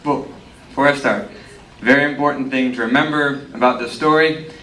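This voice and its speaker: A man's voice: medium pitch, steady tone, normal speed, bright, forceful tone. A man in his twenties from Texas telling a comic story to a live audience, with a wry, self-mocking delivery. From Texas, USA. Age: 20s. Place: stage at a live storytelling event. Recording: echoey room, distant mic, faint hiss.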